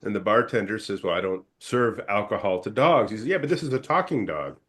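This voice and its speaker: A man on a talk show panel telling a joke casually, acting out the voices of the people in it. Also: fairly low pitch. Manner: brisk storyteller, animated quoted voices.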